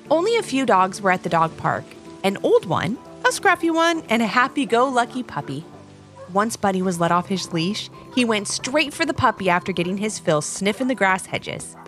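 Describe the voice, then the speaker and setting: Kids' storyteller host: woman, bright-pitched, very animated delivery. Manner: bubbly, expressive. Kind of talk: children's story narration.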